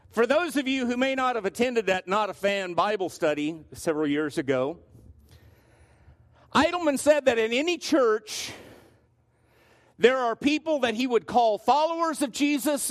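A male pastor preaching a sermon, telling stories and often restarting his phrases. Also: very high-pitched. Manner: storytelling with frequent restarts.

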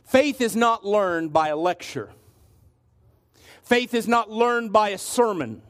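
High-pitched guy preaching, leans hard on certain words, drags them out slow. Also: expressive, fairly bright tone. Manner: emphatic, slows down to stress words. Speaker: pastor. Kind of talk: sermon.

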